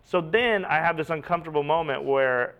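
A man telling stand-up road stories in casual chat, animated and swearing freely. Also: on the high side, brisk, clean tone. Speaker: stand-up comedian, podcast guest.

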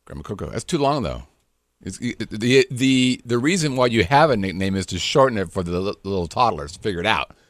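A middle-aged man co-hosts a podcast in loose, joking chat, wandering off on tangents and dropping into silly voices. His voice sits fairly low and is recorded close and dry. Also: lively intonation, brisk, no room sound. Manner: rambling, jokey, playful voices. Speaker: podcast co-host. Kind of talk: casual chat.

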